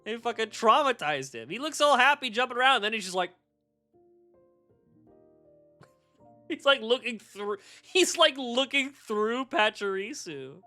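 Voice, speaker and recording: A man live-streaming from a warm room at home, rambling and swearing casually and laughing at his own jokes. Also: extremely high pitch, animated, slow pace, pauses often, faint music behind. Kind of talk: casual live-stream chat while shiny hunting.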